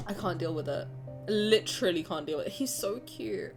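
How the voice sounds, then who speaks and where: A woman streamer chatting casually and excitably while reacting to a game, often swearing and gushing. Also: mid-range voice, fairly quick. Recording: faint game music underneath. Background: game music.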